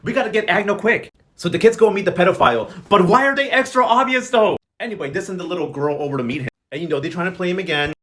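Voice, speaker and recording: A young man giving a sassy, slangy recap of a soap opera, with animated commentary. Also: high voice, quick pace, hardly any pauses. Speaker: recap vlogger. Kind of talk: fast casual show recap with acted quotes.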